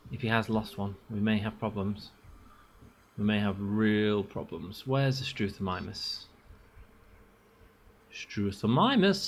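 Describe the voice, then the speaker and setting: A man's voice: mid-range voice, pushed and bright, a little hiss or hum. A young man giving casual gameplay commentary, chatting to the animals on screen and to his viewers. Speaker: gaming channel host.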